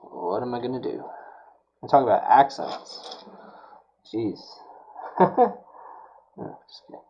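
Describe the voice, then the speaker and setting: A man's voice: medium pitch, sing-song, slow pace, creaky, dark tone, lo-fi sound. A man streaming while he builds a prop, talking casually and muttering to himself, with mild self-scolding as things go wrong.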